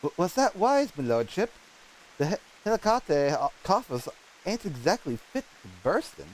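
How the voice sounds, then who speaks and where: A man's voice: high voice, very animated, moderate pace, slight background noise, rough recording. A man voicing a deferential female servant to a lord, reading game dialogue aloud in a raised, earnest voice.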